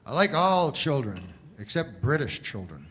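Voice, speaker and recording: A man doing stand-up comedy, deadpan and rambling, with many asides and restarts. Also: mid-range voice, normal speed, a little hiss or hum.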